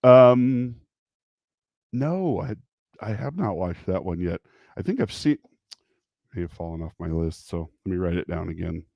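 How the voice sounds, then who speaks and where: A man's voice: low-pitched, expressive, measured pace, vocal fry, long pauses, no echo, dull audio. Rambling man hosting a stream. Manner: rambling, self-interrupting, often laughing. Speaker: livestream host. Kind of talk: casual livestream chat.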